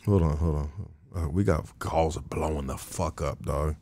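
A man hosting a call-in podcast, joking and trash-talking callers in street slang, ranting loudly at times. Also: extremely low pitch, moderate pace. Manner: profane, joking street slang, says "dog" constantly; gets loud and animated when ranting. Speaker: podcast host taking calls. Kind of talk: casual call-in podcast banter.

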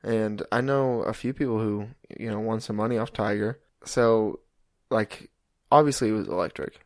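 A young man co-hosting a podcast, relaxed and wry, steering the topics in a casual chat. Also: fairly low pitch, normal speed, no echo, clean studio sound. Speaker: podcast co-host.

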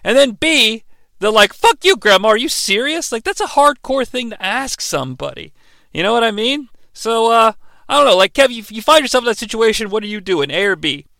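An American man co-hosting a podcast delivers a profane, jokey, casual recap of a TV episode, dropping into mocking voices along the way. His very high voice is expressive, a little fast, and pushed and bright with vocal fry. There's no room sound.

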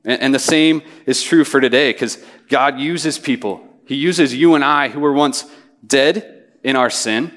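A man's voice: medium pitch, moderate pace, fairly bright tone. A young man preaching a sermon and reading scripture aloud, earnest, often restarting with repeated words. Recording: hall reverb.

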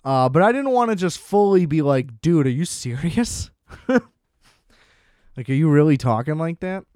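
Smooth-voiced man rambling sardonically. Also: fairly high pitch, lively intonation, moderate pace, a little mellow, no echo, clean studio sound. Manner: rambling, sardonic, self-deprecating. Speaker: solo storyteller. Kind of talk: casual comedic storytime monologue. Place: small room at home.

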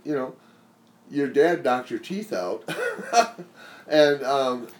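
A man's voice: medium pitch, sing-song, very slow. A man hosting a podcast who questions his guest in a probing, therapist-like way and mixes in wry jokes. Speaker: podcast host.

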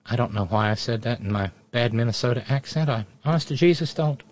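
A man's voice: mid-range voice, quick pace, no room sound. Man, sardonic commentary, profane, rambling, dry muffled recording. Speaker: political commentator. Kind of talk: off-the-cuff commentary. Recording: dull, dry lo-fi audio.

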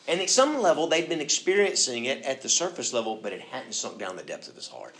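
A man delivers a sermon in a relaxed, conversational way. He often slips into little acted-out voices and moves between hushed and loud passages. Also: medium pitch, a little fast, hardly any pauses. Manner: conversational, acts out quoted voices, swings from soft to loud. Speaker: pastor.

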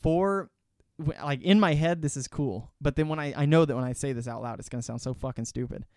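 A man's voice: fairly high pitch, a little fast, a little mellow, dry recording, clean studio sound. A young man and student in casual chat with a friend, rambling and swearing casually.

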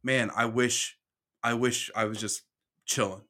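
Brief: young male podcast co-host, chatty, animated storyteller, mid-range voice. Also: medium pitch, a little slow. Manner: animated storyteller, acts out quotes. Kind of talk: casual chat.

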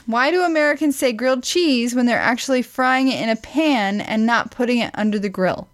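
A woman's voice: on the high side, brisk. Teasing, dry-witted woman reading questions. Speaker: podcast co-host. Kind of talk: casual chat, reading questions from a list.

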